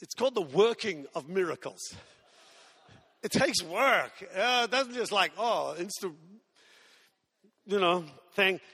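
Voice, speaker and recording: Male preacher, very high and bright voice, animated storyteller, big hall reverb. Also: measured pace, long pauses, breathy edge. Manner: animated, acts out voices, self-mocking humor. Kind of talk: sermon with storytelling.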